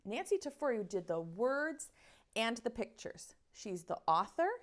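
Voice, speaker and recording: A woman teaching preschoolers online reads a picture book aloud at an unhurried pace. Her voice sits a little high and swoops widely in a sing-song way, and she keeps turning to the children with questions. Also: big pitch swings.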